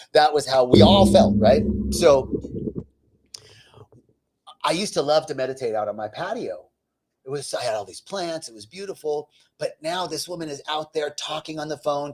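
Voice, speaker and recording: A man giving a spiritual talk, telling personal stories with self-deprecating humor and frequent conversational asides. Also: mid-range voice. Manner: conversational, lots of "right?" asides. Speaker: spiritual teacher.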